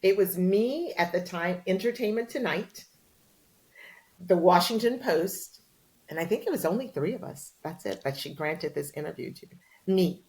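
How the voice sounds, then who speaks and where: A woman's voice: on the low side, normal speed. A woman journalist, a podcast guest, telling a story casually and acting out the dialogue she quotes. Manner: lively storyteller who acts out quoted dialogue.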